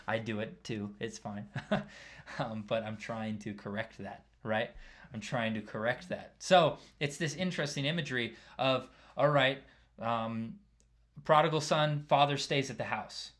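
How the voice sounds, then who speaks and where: A man's voice: mid-range voice, unhurried. A man preaching a casual sermon, talking conversationally and checking in with the listeners by asking "right?" again and again. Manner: conversational, keeps asking "right?", drops quieter for asides.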